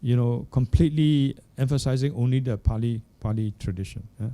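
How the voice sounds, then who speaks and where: Older male monk, dharma talk, extremely dark and warm timbre, measured halting delivery. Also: mid-range voice. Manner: unhurried, searching for words, checks in with "hmm?" and "yeah?". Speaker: Buddhist monk teacher. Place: Buddhist centre hall.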